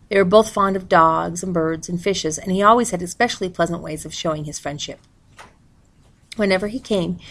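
A woman reading a novel aloud in a steady, plain narrating manner. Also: lowish voice. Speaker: reader.

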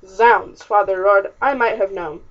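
A woman's voice: on the high side, steady tone, normal speed, lo-fi sound, natural voice. A woman reading the part of a stern, short-tempered colonial father who scolds and blusters in old-fashioned speech. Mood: angry. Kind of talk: audiobook character reading.

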